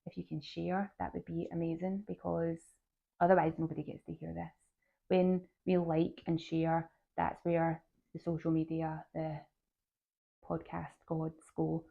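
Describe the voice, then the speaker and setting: A woman's voice: sits low, monotone, unhurried, vocal fry. A woman hosting her own podcast, talking earnestly and encouragingly straight to her listeners. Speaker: podcast host and health coach. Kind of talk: solo podcast talk. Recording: tinny phone-like sound.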